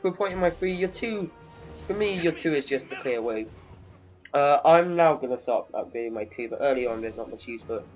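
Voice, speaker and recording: A man's voice: mid-range voice, lively intonation, a little fast, soft background music. A young man, casually commenting on his own gameplay and joking as he plays. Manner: chatty, laughs and taunts while playing.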